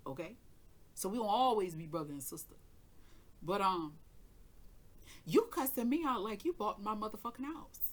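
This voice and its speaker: A woman telling a story in a casual, animated and profane way, acting out both sides of the dialogue. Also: medium pitch, slightly rough. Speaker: tarot reader and channel host.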